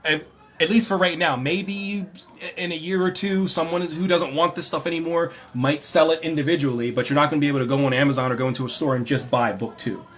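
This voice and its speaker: A man hosting a livestream Q&A, ranting and mocking in an animated way, often rambling and correcting himself. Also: on the high side, fast. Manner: animated, mocking, breaks into laughter. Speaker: livestream host.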